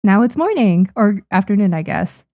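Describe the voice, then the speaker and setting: A woman's voice: medium pitch, sing-song, moderate pace, dry recording, highs cut off. A young adult woman, a manga artist, chatting casually on a livestream at her desk microphone, thanking viewers with frequent ums. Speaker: manga artist streaming to chat.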